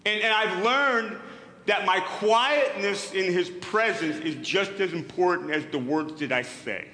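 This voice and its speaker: With a high, bright, forceful voice at a measured pace, a middle-aged pastor delivers an earnest sermon. He hammers his points by repeating words, and his voice rings through a hall with long, echoing reverb.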